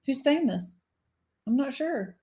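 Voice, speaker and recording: A woman's voice: high voice, lively intonation, takes it slowly, mellow. A middle-aged woman, co-hosting a cruise vlog live stream. She chats casually, laughs often and reads viewer comments aloud. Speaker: cruise vlogger co-host.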